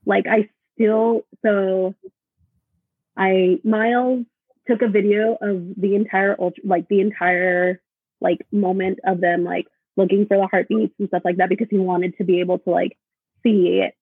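A woman guest chatting casually on a podcast, telling a personal story in a halting way with lots of fillers. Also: medium pitch, flat delivery, breathy edge, dry recording. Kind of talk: casual chat. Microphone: video call. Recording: tinny phone-like video call audio.

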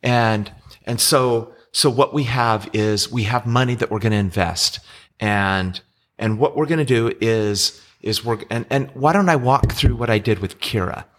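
A man's voice: mid-range voice, unhurried, a bit bright. Patient middle-aged man explaining money. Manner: patient explainer, restarts often. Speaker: podcast co-host explaining investing. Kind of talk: casual podcast chat.

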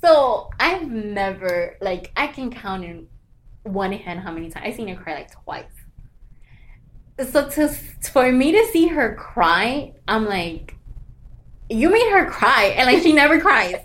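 A woman's voice: fairly high pitch, unhurried. A young woman in casual conversation, telling a story with lots of "like" fillers and acting out what people said. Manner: animated storytelling with many "like" fillers, acting out quoted voices. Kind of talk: casual chat.

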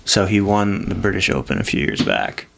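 A man's voice: low-pitched, sing-song, moderate pace, gravelly, a bit bright, a little hiss or hum. A man co-hosting a casual podcast chat, telling loose, joking stories in a rambling way. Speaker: podcast co-host.

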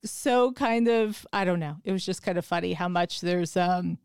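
A woman hosting a podcast tells stories in casual chat, animated and acting out her own quotes. Her low-leaning voice is a little mellow, clear and resonant at normal speed, on a dry, clean studio recording.

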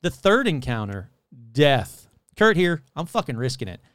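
A man's voice: mid-range voice, sing-song, normal speed, fairly bright tone, no room sound, studio quality. A man hosting a casual comedy podcast, sarcastic and profane, rambling as he mocks a legend. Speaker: podcast host.

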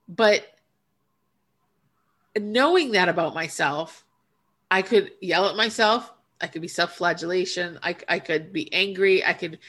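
A woman's voice: lowish voice, fairly bright tone. A woman podcast co-host and coach in casual spiritual chat, earnest and reflective, speaking emphatically and often restarting her sentences.

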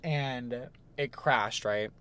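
A young man co-hosting a casual podcast, retelling a story with lots of "like" fillers and animated asides. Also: mid-range voice, drawn-out words, clear, resonant tone. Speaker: podcast co-host.

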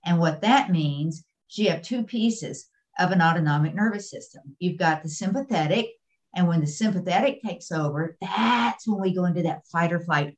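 A woman's voice: on the low side, normal speed, rough recording. A woman guest expert explaining in an interview, repeating her key points for emphasis.

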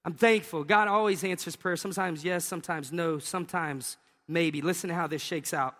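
A man's voice: on the high side, moderate pace, fairly bright tone. A middle-aged man preaching a sermon as a pastor, telling stories with joking asides and laughing at his own jokes. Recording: long reverb of a large hall.

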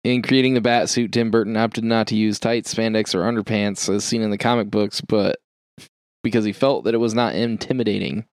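A man's voice: lowish voice, fairly even intonation, fairly quick, no room sound. Podcast co-host, male, casual trivia reader, salty language, dry sound. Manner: reads trivia aloud, swears and laughs often. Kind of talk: casual chat.

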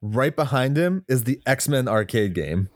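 A man co-hosting a movie podcast who calmly walks through the plot and steers the talk back on track. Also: mid-range voice, unhurried, no room sound, clean studio sound. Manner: steady, keeps the recap moving. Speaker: podcast co-host. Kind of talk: casual movie recap chat.

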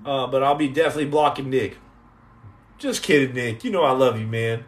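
A middle-aged man chats casually on a livestream, answering viewer comments in a rambling, joking manner and often repeating or restarting words. His voice is medium in pitch and brisk.

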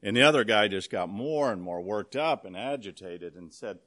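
A man's voice: on the low side, sing-song, moderate pace, hardly any pauses, fairly bright tone. Folksy older man preaching a sermon. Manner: folksy storyteller, many ums and restarts. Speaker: guest preacher. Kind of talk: humorous sermon. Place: church with a full congregation.

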